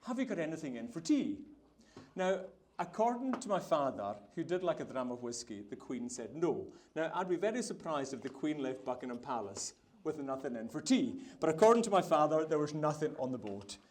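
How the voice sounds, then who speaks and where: On the demo stage of a food festival hall, this Isle of Lewis baker gives a cooking demonstration, laughing as he chats and tells a yarn in a Hebridean Scottish accent. He sounds very animated and fairly quick, his pitch on the high side and his tone darkish.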